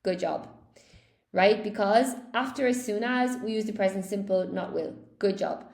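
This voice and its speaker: A woman's voice: mid-range voice, moderate pace, vocal fry, darkish tone, echoey room. A woman teaching a live online English class, cheerfully praising students by name as she goes through quiz answers.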